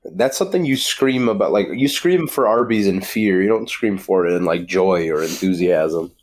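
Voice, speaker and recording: A man's voice: low voice, normal speed. A young man co-hosting a podcast, telling rambling, profane stories in casual chat. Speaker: podcast co-host.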